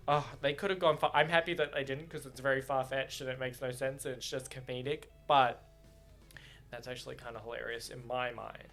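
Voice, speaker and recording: A man chatting casually about a book, excitable, swearing freely and laughing often. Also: medium pitch, fairly quick, faint music behind. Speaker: book reaction vlogger. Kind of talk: casual chat.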